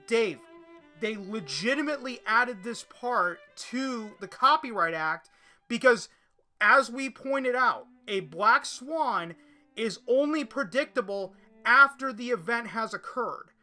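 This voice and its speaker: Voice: medium pitch, expressive, takes it slowly, pushed and bright, faint music behind. A podcast host delivering an opinion monologue and reading articles aloud, often restarting and repeating words.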